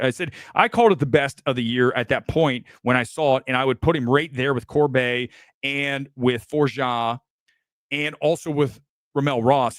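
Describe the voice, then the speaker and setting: A man's voice: no room sound, clean studio sound. A man hosting a film talk show, ranting with brash, boastful and profane opinions. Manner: brash, boastful, profane, animated swings of pitch. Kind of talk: opinionated live stream rant.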